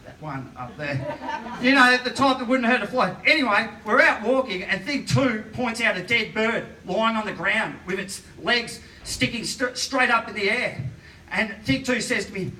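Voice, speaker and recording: A man's voice: sits high, lively intonation, normal speed, bright, forceful tone, slight background noise. A man doing a rambling stand-up comedy set and laughing through his own punchlines, recorded live in a comedy venue. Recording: roomy live room, distant mic.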